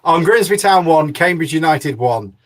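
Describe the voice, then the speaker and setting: A man's voice: a little high, animated, moderate pace, a little hiss or hum. A man hosting a fan podcast in casual chat, jokey and teasing. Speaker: podcast host.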